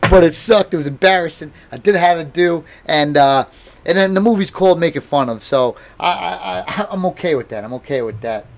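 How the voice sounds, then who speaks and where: Slightly high-voiced man in his thirties. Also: fairly quick, gravelly. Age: 30s. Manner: rambling, self-mocking, bursts into loud laughter. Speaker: livestream host and boxer. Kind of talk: casual live-stream storytelling. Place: at home.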